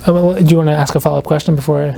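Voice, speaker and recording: A man, an author guesting on a podcast, explaining his ideas earnestly and reflectively, slowing down to stress key points. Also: fairly high pitch, fairly even intonation, vocal fry, a crowd in the background. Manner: fills speech with "like" and quoted inner questions.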